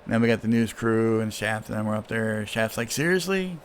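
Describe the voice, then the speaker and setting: A man's voice: on the low side, completely flat delivery, a little fast, a little hiss or hum. A man casually reading through and critiquing a comic book, with an offhand manner and frequent fillers. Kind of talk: casual read-through commentary.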